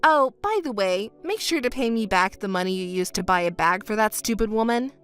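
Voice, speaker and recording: A woman's voice: mid-range voice, expressive, fairly quick, a bit bright, smooth. A woman voicing a scripted text-story narration, cold and scolding, with faint music underneath.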